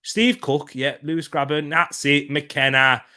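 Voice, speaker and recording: A young man hosting a live football watchalong has a fairly high-pitched voice with a sharp tone, fairly even intonation and an unhurried pace. In this casual live-stream chat he jokes with viewers, laughs often and reads comments from the chat aloud.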